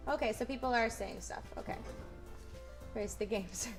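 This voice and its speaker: A woman's voice: a little high, normal speed. A young woman live-streaming a game, chatting casually with her viewers, humming and giggling. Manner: giggly, hums tunes, greets chat. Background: game music.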